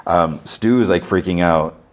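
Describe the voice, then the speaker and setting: A man's voice: low-pitched, moderate pace. A man hosting a podcast, chatting casually as he retells a TV episode in a loose, rambling way. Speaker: podcast host.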